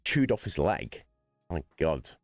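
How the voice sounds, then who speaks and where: A man's voice: very deep voice, very animated, takes it slowly, dry recording, clean studio sound, faint music behind. A man streaming, chatting casually to his viewers in a rambling, conversational way with lots of restarts.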